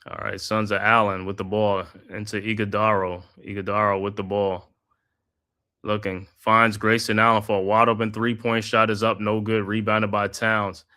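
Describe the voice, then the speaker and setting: A man hosting a live watch-party stream, calling the game play by play in a steady flow with casual slang asides. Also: fairly low pitch, moderate pace, clear, resonant tone. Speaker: host.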